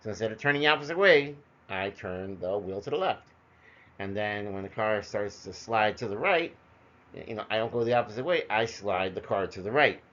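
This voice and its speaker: A man's voice: lowish voice, expressive, moderate pace, fairly bright tone. A middle-aged man telling personal stories in a loose, conversational way, full of fillers, heard as a dull lo-fi recording. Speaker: storyteller. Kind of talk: personal storytelling monologue.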